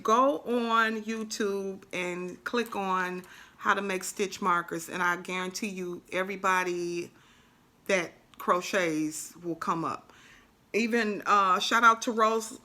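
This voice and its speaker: A woman chatting casually on her crochet vlog, with a bright, forward tone. She talks in a lively, animated way and keeps giving shout-outs to other creators. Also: mid-range voice. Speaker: crochet vlogger. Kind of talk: casual chat.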